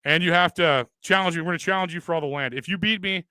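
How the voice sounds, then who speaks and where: A man hosting a podcast, ranting loudly with constant profanity and mock bragging in crude comedic banter. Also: sits high, fast, smooth, dry recording. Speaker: podcast host.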